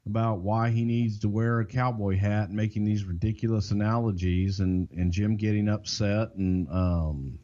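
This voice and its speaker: An older man with a Southern American accent, co-hosting a podcast and telling behind-the-scenes stories in a folksy, drawn-out way. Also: fairly low pitch, mellow, dull audio. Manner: folksy, drawn-out, swears casually. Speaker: podcast co-host. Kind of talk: casual storytelling.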